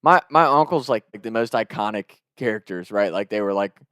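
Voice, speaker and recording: A man's voice: lowish voice, expressive, a little fast, fairly bright tone, clear, resonant tone, no room sound, studio quality. A man in his thirties from Ohio and Kentucky, telling a story in a loose, rambling, profane way. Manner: loose, swearing, rambling with "like" fillers.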